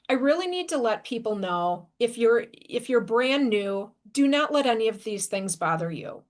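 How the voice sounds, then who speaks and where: A woman podcast host telling a self-deprecating story about her first trail race in a lively, conversational way. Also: medium pitch. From Wisconsin, USA. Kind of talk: casual storytelling.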